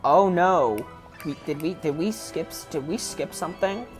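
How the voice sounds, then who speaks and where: A woman's voice: sits low, expressive, normal speed, a little mellow, faint music behind. A woman giving casual, rambling let's play commentary, frank and often correcting herself.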